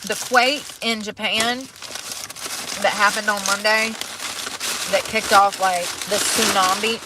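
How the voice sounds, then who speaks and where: A woman's voice: mid-range voice, fairly even intonation, takes it slowly, noisy background. A young adult woman hosting a casual livestream, reading news aloud and reacting with exclamations and nervous laughter. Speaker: livestream host.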